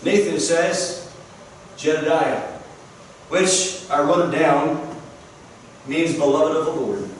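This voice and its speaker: A pastor with a high voice preaching earnestly, repeating himself for emphasis. The room is strongly echoey, and he is picked up from a distance. A faint hiss sits underneath. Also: takes it slowly. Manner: earnest storytelling, emphatic repetition. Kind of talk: sermon. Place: church sanctuary.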